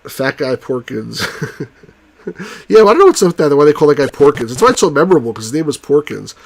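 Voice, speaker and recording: A let's play host with a slightly high voice talks in rapid bursts, tossing off casual, jokey commentary while he plays an old computer game. He's excitable and breaks into movie impressions.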